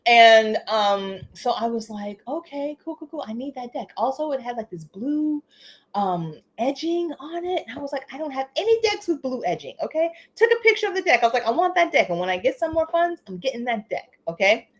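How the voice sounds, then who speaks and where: A woman hosting a casual live stream, talking in an animated, chatty way, laughing often and tagging lines with "you know" and "okay?". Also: high-pitched, a little fast. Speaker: livestream host. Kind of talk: casual livestream chat.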